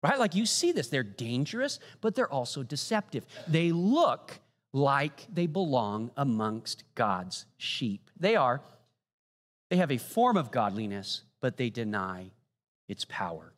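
Animated preacher with a lively voice. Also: male voice, mid-range voice, a little slow. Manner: animated, rhetorical questions, repeated "right?". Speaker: pastor. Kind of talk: sermon. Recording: long hall reverb.

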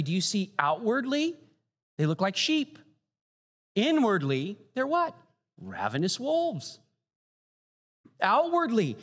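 Animated preacher with a lively voice. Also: male voice, sits high. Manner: animated, rhetorical questions, repeated "right?". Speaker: pastor. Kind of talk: sermon. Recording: long hall reverb.

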